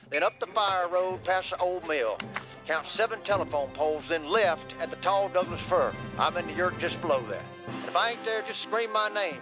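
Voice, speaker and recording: A folksy washed-up cowboy pitchman. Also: bright, forceful tone. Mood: grumbling. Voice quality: drawling, folksy, keeps saying "man". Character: folksy laid-back former cowboy pitchman, middle-aged man. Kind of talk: comedic ad acting.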